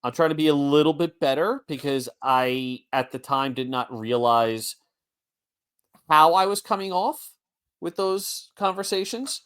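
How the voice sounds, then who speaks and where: A man's voice: fairly high pitch, unhurried, a bit bright, clear, resonant tone. A man in his forties co-hosting a sports podcast, blunt and wry in casual chat. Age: 40s. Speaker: podcast co-host.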